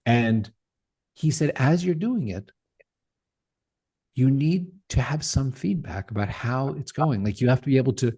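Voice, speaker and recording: A man's voice: medium pitch, lively intonation, a little slow, pauses often, mellow, slightly rough. A middle-aged man speaking as a podcast guest, talking passionately and emphatically with rhetorical questions. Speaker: podcast guest, tech founder. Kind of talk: animated interview talk.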